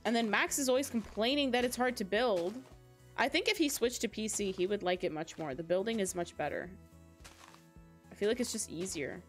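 A 25-year-old woman hosts a casual gaming livestream, chatty and giggly as she talks straight to her chat on a close mic. Her voice is medium-pitched and brisk, with soft music behind her.

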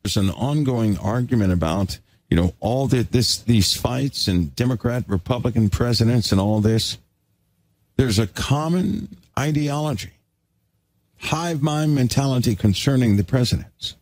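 A man's voice: medium pitch, a little slow, a little mellow, no room sound. A man preaching a sermon in an emphatic, exhorting way.

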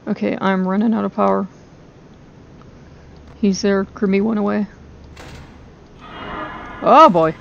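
A woman commenting on her own horror game playthrough into a close microphone, excitable and quick to shriek and laugh. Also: mid-range voice, gravelly, lo-fi sound, a little hiss or hum. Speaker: gaming video host. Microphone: close desk microphone.

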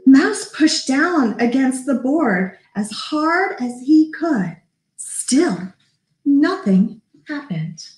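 Lady librarian reading a kids' story, slow and bouncy, kinda high voice, echoey room. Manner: animated, does character voices, pauses to talk to kids. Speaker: children's librarian. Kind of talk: storybook read-aloud.

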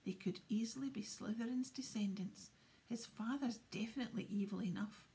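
A woman voicing an earnest teenage schoolboy in hushed, urgent whispered role-play. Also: a little high, normal speed, vocal fry.

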